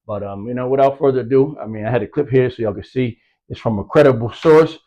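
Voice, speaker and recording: A man's voice: medium pitch, fast, dark tone, lo-fi sound. A man giving casual boxing commentary, rambling with lots of fillers and street slang, from the US East Coast. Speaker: boxing news vlogger.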